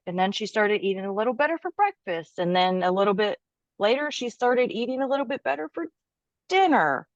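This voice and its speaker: A woman personal trainer, a guest on a podcast, telling a client's story with animated quoting. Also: mid-range voice, normal speed, no room sound, dull audio. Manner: animated, quotes her client's words aloud.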